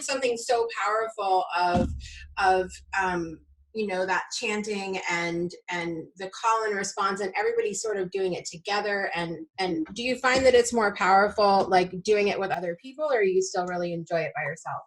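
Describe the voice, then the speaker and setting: A woman's voice: medium pitch, moderate pace. A woman hosting a talk show, chatting casually with her guest, laughing often and saying "like" a lot. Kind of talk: casual interview chat.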